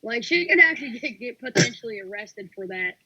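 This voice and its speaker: A woman's voice: fairly high pitch, expressive, a little fast, bright, forceful tone, highs cut off. A woman chatting on a casual podcast, curious and talkative. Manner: chatty, inquisitive. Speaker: podcast guest.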